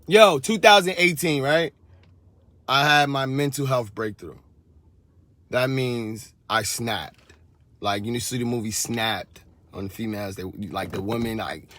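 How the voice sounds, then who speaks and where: Bright-voiced man ranting hard. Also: medium pitch, no echo. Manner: heated, swearing, preachy. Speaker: vlogger. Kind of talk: profane ranting monologue. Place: San Francisco Bay Area.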